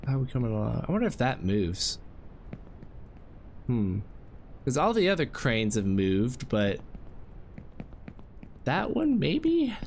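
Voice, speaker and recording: A man doing let's-play commentary, anxiously coaching and scolding himself out loud, his voice jumping high under stress. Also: slight background noise. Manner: anxious self-talk, scolding and coaching himself through jumps. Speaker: gameplay commentator.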